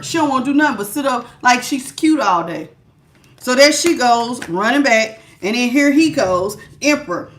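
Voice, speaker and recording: Loud, blunt woman tarot reader; high, carrying voice, sassy, laughs often, close on a good mic. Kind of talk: live tarot reading, chatting with viewers. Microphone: good studio mic.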